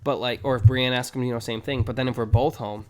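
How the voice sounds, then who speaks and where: A man's voice: medium pitch, steady tone, fast, darkish tone. A man co-hosting a casual podcast, rambling through family stories and acting out the lines of the people in them. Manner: rambling storyteller who acts out his family's lines. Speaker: podcast co-host.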